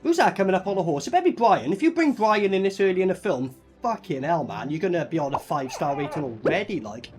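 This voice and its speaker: A man doing a casual movie reaction, excitable and swearing freely as he comments. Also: high-pitched, fast talker, few pauses, faint music behind. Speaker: movie reviewer.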